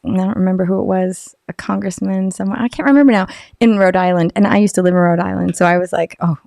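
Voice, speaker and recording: A woman's voice: medium pitch, fairly even intonation, fast, creaky, a little mellow, no room sound, studio quality. A woman who works as a voice-over artist, chatting animatedly as a guest on a podcast and laughing often. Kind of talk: casual podcast chat.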